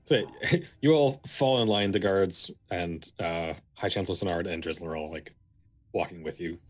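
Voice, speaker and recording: A man's voice: low voice, normal speed. A man narrating as game master of a tabletop game, loose and full of fillers.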